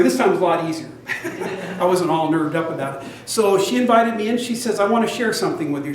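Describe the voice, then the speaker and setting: Older man, storytelling talk, chatty, fairly high voice, very echoey, distant mic. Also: a little hiss or hum. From United States. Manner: chatty, laughs at his own story. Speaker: guest speaker. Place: meeting room, recorded from across the room. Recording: very echoey, distant room recording.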